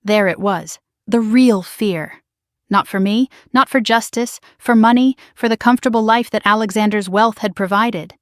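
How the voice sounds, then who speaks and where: A woman reads a scripted first-person family drama in a measured, steady way. Her voice sits at a middle pitch. The recording is dry and close. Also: no room sound. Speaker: narrator.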